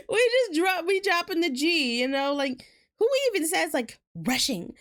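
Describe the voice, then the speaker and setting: A woman with a Southern US accent, fairly high-pitched, talking fast in a loose, rambling way as she streams a game. She laughs often between thoughts. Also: big pitch swings, a bit bright. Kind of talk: casual gaming chat.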